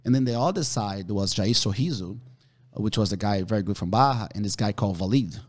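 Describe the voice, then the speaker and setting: A man, a podcast guest, telling animated stories with free swearing. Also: on the low side, fast talker. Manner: animated, swears freely, relives the moment. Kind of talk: casual storytelling.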